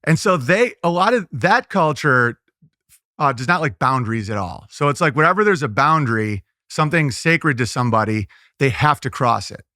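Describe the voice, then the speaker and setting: A man's voice: mid-range voice, expressive, sharp tone, dry recording, studio quality. A man who is a comedian guest, chatting casually in an interview, riffing loosely with frequent "like" fillers and restarts. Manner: loose riffing with quick impressions and asides.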